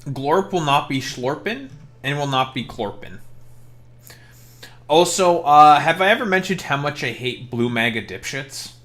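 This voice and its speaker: A man's voice: a little high, animated, a little slow, a bit bright. A man streaming while he plays a game, chatting casually in joking, profane rants. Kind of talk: casual gameplay chat.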